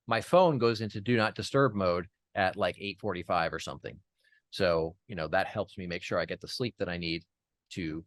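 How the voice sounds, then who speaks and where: A man's voice: low-pitched, dry recording. A man as an interview guest, telling a personal story in an earnest way, with many fillers and restarts.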